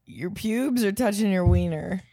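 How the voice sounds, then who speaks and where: A young woman from Indiana chats casually as a podcast co-host. She rambles, swears freely and leans on "like" between her thoughts, in a mid-pitched voice. The sound is dry and close. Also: measured pace, warm tone, dry recording. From Indiana, USA. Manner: rambling, profane, full of "like" fillers. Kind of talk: casual chat.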